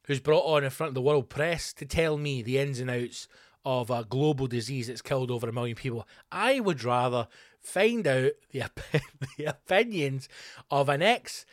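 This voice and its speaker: A man's voice: mid-range voice, no room sound, studio quality. A male comedian telling a rambling, profane comic story as a podcast host.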